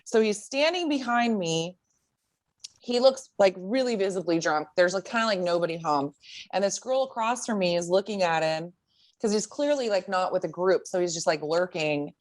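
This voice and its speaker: Podcast co-host lady, animated storyteller, laughs a lot, swears casually. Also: lowish voice, normal speed. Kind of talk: casual chat.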